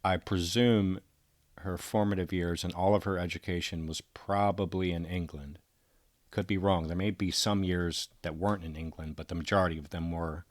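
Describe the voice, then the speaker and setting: Host with a deep voice and a dry, close sound. Thinks out loud, hesitant, corrects himself as he goes. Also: fairly even intonation, normal speed, no echo. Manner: musing, tentative, self-correcting. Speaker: commentator. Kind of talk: thinking-aloud video commentary.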